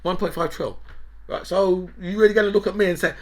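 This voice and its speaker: A man's voice: high-pitched, fast talker. A man hosting a political commentary show, ranting in a mocking, profane, gloating way.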